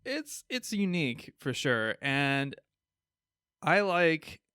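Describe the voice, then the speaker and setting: Midwestern male podcast co-host, smooth clear voice, dry close sound, upbeat and chuckly in casual chat. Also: fairly high pitch, sing-song, slow, bright, forceful tone, dry recording. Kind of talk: casual chat reviewing comics.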